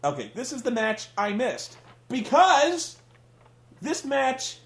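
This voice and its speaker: A man's voice: very high-pitched, wildly swooping pitch, takes it slowly, fairly bright tone, roomy sound. A man hosting a casual comedic rant, sarcastic and profane, sounding exasperated. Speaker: podcast host reviewing wrestling.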